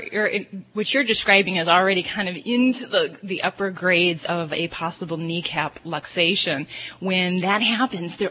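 Husky-voiced woman vet explaining. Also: mid-range voice, fairly bright tone. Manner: explains at length, with frequent ums. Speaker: veterinarian guest. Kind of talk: radio call-in advice.

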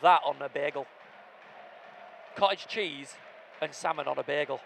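A man co-hosting a football podcast, chatting in excitable, jokey banter outdoors at a match. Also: fairly high pitch, normal speed, gravelly, slight background noise. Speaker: podcast co-host. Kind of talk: casual football podcast chat.

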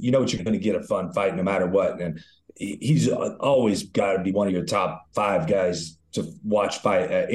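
Deep-voiced man, laid-back, in an echoey room. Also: a little mellow. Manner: laid-back, enthusiastic, swears casually. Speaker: co-host, retired fighter. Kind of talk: casual podcast chat. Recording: roomy echo.

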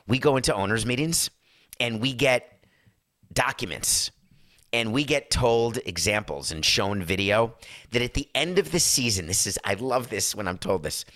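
A middle-aged man with a hoarse voice, ranting emphatically and sarcastically as a sports talk show host. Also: medium pitch, animated, moderate pace, fairly bright tone, dry recording, studio quality. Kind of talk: impassioned talk-show rant.

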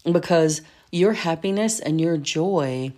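A woman's voice: low-pitched, takes it slowly, darkish tone. A middle-aged woman hosting a solo coaching podcast, telling stories and giving earnest, encouraging reflections.

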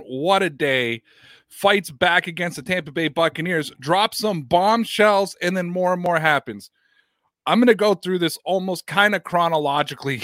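A man's voice: fairly high pitch, no room sound, studio quality. A man hosting a sports podcast, going through a news story in casual commentary, talking straight to his audience and reading statements aloud. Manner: animated, talks to the audience directly, recounts and reads out statements.

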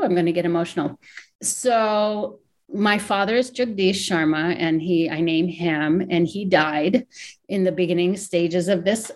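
Candid, reflective woman author being interviewed. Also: fairly low pitch. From Hawaii. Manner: reflective, candid, with restarts and emotion. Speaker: author and academic. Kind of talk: interview answers.

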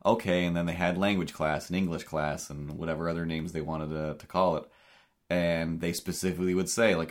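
A man's voice: sits low, fairly even intonation, fairly quick. A man with a Cape Breton accent co-hosting a podcast in casual chat, rambling with many fillers and restarts. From Cape Breton, Canada. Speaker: podcast co-host.

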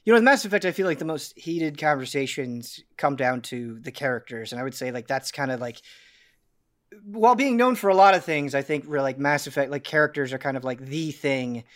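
A man's voice: mid-range voice, animated, a little fast, fairly bright tone. A man hosting a casual podcast chat, musing at length with many fillers. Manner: thoughtful, filler-heavy musing. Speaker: podcast host.

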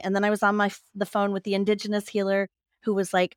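A woman talking as an interview guest, a physician and author, telling stories with lively laughter. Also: mid-range voice, fast, clear, resonant tone, no room sound, clean studio sound. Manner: lively storyteller who laughs and acts out quoted voices. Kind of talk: casual interview conversation.

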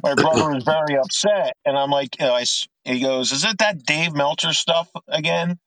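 A man's voice: fairly high pitch, moderate pace, a bit bright, no room sound, rough recording. A man in his fifties calling in to a live online Q&A, telling a story in a chatty, joking way. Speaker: caller. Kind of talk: casual chat.

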